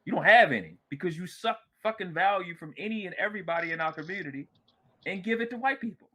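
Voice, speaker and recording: A man arguing on a panel, animated, sarcastic and profane. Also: high voice, quick pace. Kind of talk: heated panel discussion.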